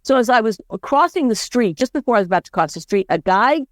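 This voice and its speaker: Animated woman telling stories on a podcast. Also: fast, dry recording, studio quality. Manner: animated storyteller, lively swings in pitch. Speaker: podcast co-host. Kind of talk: casual conversation.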